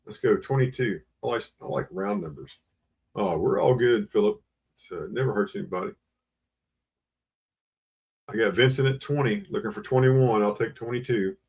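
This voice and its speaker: A man with a twang runs a live online sale. He calls and repeats the bids and keeps coaxing his viewers to join in. His voice sits at an ordinary middle pitch. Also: expressive, moderate pace, vocal fry, pauses often, darkish tone. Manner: auctioneer patter, repeating bids and urging buyers. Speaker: livestream auction host. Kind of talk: live online auction selling.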